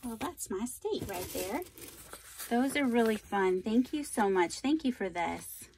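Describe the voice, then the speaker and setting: A woman's voice: on the high side, expressive, a little slow, darkish tone, a little hiss or hum. A woman hosting a casual craft vlog, opening mail from viewers and thanking them effusively. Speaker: craft channel host.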